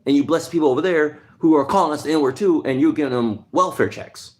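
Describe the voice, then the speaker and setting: A man's voice: fairly high pitch, brisk, a little mellow. A man hosting a livestream, ranting heatedly in a casual monologue and answering chat. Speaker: livestream host.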